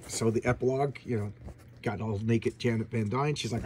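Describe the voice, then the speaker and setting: A man hosting a casual comic book review, talking excitedly and repeating himself as he gushes. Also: mid-range voice, fairly quick, a little hiss or hum. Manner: excitable, gushing, repeats words. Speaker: comic book channel host.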